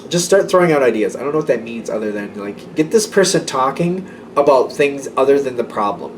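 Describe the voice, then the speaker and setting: A man's voice: medium pitch, lively intonation, fairly quick, far from the mic. A man gives a casual tarot reading, talking in a chatty, repetitive way and laughing lightly between thoughts. His voice sits a little away from the microphone, with a faint hum of room ambience behind it. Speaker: tarot reader.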